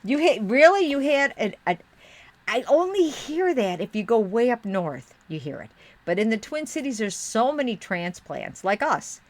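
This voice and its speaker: A woman's voice: a little high, sing-song, moderate pace. A middle-aged woman from Western New York, her accent tinged with the Midwest, chatting casually with her live-stream viewers while crafting, rambling and muttering as she searches. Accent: Western New York with Midwestern touches.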